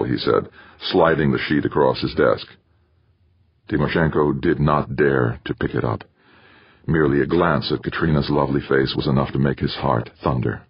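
Man, audiobook narrator, very low voice, husky, dry slightly muffled recording. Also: normal speed, no echo. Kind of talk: scripted narration.

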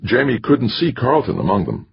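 A man reading a novel aloud as an audiobook narrator, in expressive storytelling. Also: mid-range voice, normal speed, gravelly, breathy edge, dull audio. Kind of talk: scripted narration.

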